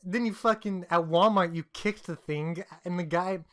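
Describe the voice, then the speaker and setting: A young man co-hosts a loose, profane podcast, teasing his buddy and laughing through his stories. His voice sits fairly high, and it sounds dry and close to the mic. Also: normal speed, fairly bright tone, no room sound. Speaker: podcast co-host. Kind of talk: casual profane banter.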